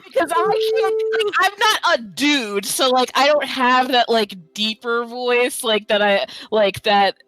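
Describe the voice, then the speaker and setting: A woman's voice: high-pitched, expressive, unhurried, poor audio. A woman player chatting casually, telling stories with frequent laughter. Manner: giggly storyteller, laughs between words. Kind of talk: casual chat.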